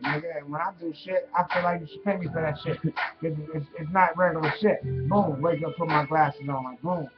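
High-voiced man ranting crudely on a webcam. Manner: crude, rambling, laughing at his own jokes. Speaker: webcam vlogger. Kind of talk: casual profane comic rant. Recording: dull lo-fi webcam audio with music behind.

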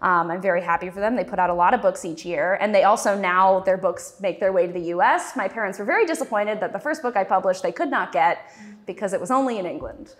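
A woman's voice: medium pitch, fast. A woman in her twenties giving a talk as a cartoonist, chatty and self-deprecating, with frequent ums. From Texas. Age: 20s. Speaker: cartoonist guest speaker. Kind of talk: festival talk, personal storytelling.

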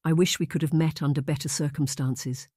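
A man's voice: a little high, fairly even intonation, a little fast, a little mellow, dry recording, clean studio sound, lightly acted. A man voicing a lovesick young marquis, earnest and pleading in formal old-fashioned speech. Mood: tender.

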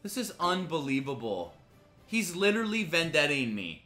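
A man streaming a strategy game live, ranting angrily with heavy swearing, swinging between loud outbursts and low muttering. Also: animated, moderate pace, faint music behind. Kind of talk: live gaming commentary.

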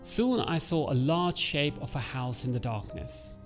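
Male teacher narrating a ghost story for learners, lively rising and falling voice, somewhat higher pitch. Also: faint music behind. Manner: expressive reading that pauses to explain words. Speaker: English teacher reading a story. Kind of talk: storytelling with vocabulary explanations.

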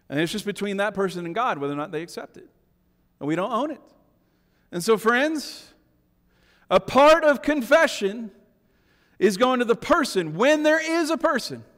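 Man, middle-aged pastor, high voice, sermon, hushed then emphatic, long church reverb. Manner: swings between hushed asides and emphatic raised lines, keeps asking "right?". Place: church sanctuary.

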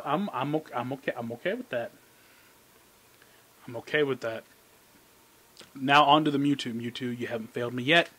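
A man giving casual, jokey commentary as he opens trading card packs, excitable and talking to his cards. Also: mid-range voice, no echo. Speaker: card collecting YouTuber. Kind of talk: casual pack-opening commentary.

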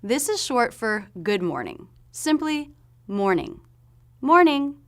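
A woman giving a pronunciation lesson, explaining sounds clearly and demonstrating them slowly. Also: mid-range voice, very animated. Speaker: pronunciation teacher.

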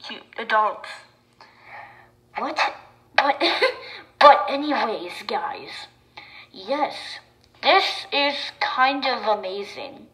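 Chatty excitable woman, slow-talking. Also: on the high side, low-quality recording. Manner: chatty and excitable, with sudden loud bursts. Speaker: video creator. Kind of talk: reaction commentary.

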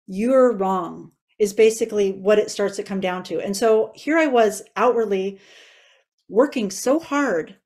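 A woman's voice: mid-range voice, a little slow, darkish tone. A woman in her forties sharing a personal faith testimony in an interview, earnest and emotional. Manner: earnest and emotional, tearful at times.

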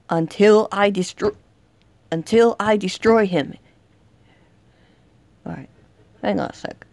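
A young woman commenting on a horror game she is playing, dramatic, shouting and taunting the villain as she goes. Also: mid-range voice, takes it slowly, creaky, long pauses. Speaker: gaming youtuber. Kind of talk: excited let's-play commentary.

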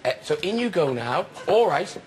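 A man's voice: a little high, big pitch swings, normal speed. A male talk show host, bantering and teasing guests and the studio audience. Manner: teasing, camp, laughs often. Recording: loud audience laughter, noisy old TV rip.

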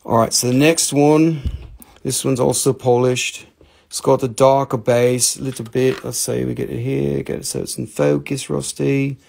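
A man's voice: mid-range voice, flat delivery, moderate pace, gravelly, a little mellow. A man hosting a casual live sales stream, joking, mocking himself and swearing casually as he shows off stones. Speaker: host selling minerals on a live stream.

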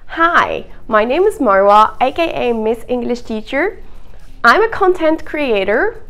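A young woman teaching English to camera in an expressive, playful video lesson. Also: a little high, measured pace, faint music behind. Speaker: English teacher and content creator.

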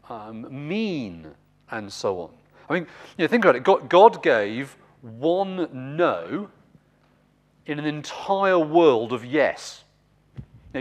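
A man teaching a seminar on scripture with a lively, animated voice that swings up and down as he makes his points. He explains with emphasis and often turns to address his listeners directly. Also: fairly high pitch. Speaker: seminar speaker.

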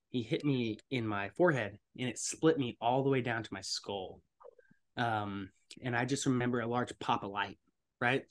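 A young man telling a story as a podcast guest, acting out other people's lines in loud, animated bursts. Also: medium pitch. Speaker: voice actor and stuntman guest.

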